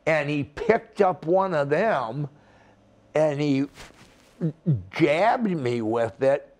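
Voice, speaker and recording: Older male wrestler, slow deliberate talker, swears and plays every part. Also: a little high, expressive, a little mellow. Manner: slow, rambling storytelling with profanity and acted-out quotes. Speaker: retired wrestler, interview guest. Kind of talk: storytelling shoot interview.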